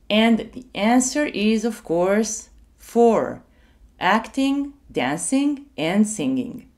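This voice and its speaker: A woman runs a music lesson for small children. Her voice sits fairly high and swoops up and down as she leads call-and-repeat. She talks slowly and clearly so young learners can follow. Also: a little mellow. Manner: slow, clear and sing-song, leading call-and-repeat. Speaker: music teacher.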